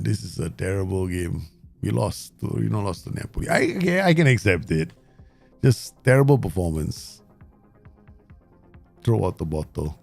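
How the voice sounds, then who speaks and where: A man hosting his gaming channel, giving live commentary and talking to himself and the viewers in an excitable way. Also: low voice, normal speed, vocal fry, long pauses, soft background music. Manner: excitable, talks to himself and the viewers, frequent laughs.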